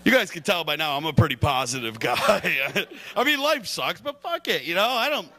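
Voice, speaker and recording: A young man from Michigan doing a stand-up comedy set in a club, hyper, loud and crude, laughing at his own jokes. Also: fairly high pitch, very animated, normal speed.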